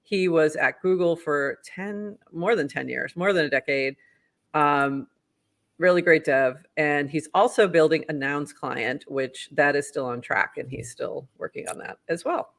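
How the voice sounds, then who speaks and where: A man with a Boston accent co-hosting a live show, briskly reading posts aloud and commenting on them. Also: a little high, a bit bright. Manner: brisk, upbeat, reads posts then comments. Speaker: co-host.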